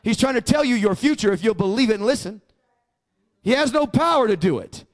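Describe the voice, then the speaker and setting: A man's voice: high voice, expressive, a little fast. A male pastor preaching a sermon, emphatic and prompting the congregation to repeat after him.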